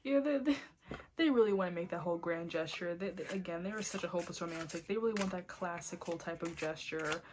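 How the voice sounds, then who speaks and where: A woman's voice: lowish voice, quick pace, a little hiss or hum. Blunt, cursing tarot-reader woman. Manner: blunt, profane, excitable. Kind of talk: casual tarot reading.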